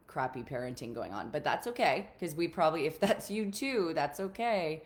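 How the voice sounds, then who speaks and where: A woman's voice: sits low, animated, a little fast, few pauses. A woman relationship coach talking casually on a live stream to her group, earnest and encouraging, often repeating her key points.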